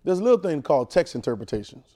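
A man's voice: on the high side, sing-song, rapid-fire, mellow. A man preacher teaching a Bible class, repeating phrases and pulling call-and-response answers from the room.

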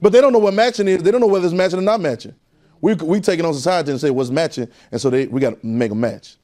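A man's voice: on the high side, racing, dark tone. A man teaching a Bible class in a preaching style, repeating phrases and calling out questions to the room. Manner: call-and-response, repetitive, emphatic.

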